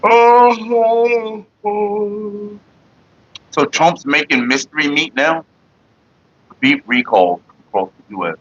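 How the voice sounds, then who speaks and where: A bright-toned man whose pitch swings widely as he rambles through a casual vlog. He cusses freely and mock-rants. The sound is a bit muffled and lo-fi. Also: animated, normal speed. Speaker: vlogger. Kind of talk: casual smoking-session vlog.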